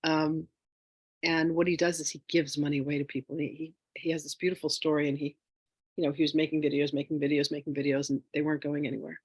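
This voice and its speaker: A woman telling a personal story in a casual, animated way as a spiritual wealth teacher, with lots of fillers. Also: low-pitched, fast, slightly rough, no echo. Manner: animated, chatty, with frequent fillers; emotional, near tears.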